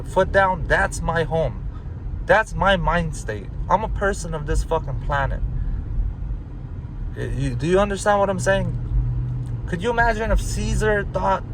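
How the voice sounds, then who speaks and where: A man's voice: fairly high pitch, background noise. A man in his thirties from Los Angeles, ranting casually and profanely to camera, rambling and repeating himself for emphasis. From Los Angeles, United States. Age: 30s. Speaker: vlogger.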